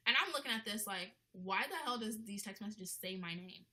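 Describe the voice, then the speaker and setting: A woman's voice: medium pitch, fairly quick, sharp tone, poor audio. A young woman ranting in a casual vlog, blunt and indignant, with lots of "like" in her talk. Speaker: vlogger.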